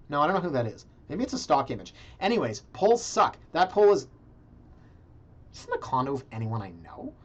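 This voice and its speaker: A man hosting a casual video, reviewing condo listings in a sarcastic, animated way and talking straight to his viewers. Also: medium pitch. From Canada. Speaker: realtor and video blog host. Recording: slightly dull, lo-fi sound.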